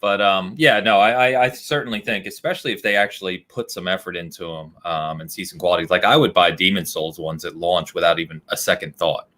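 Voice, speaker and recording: A man's voice: deep voice, steady tone, brisk, hardly any pauses, fairly bright tone. A man co-hosting a podcast, talking casually and animatedly, laughing often and thinking aloud with fillers. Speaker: podcast co-host.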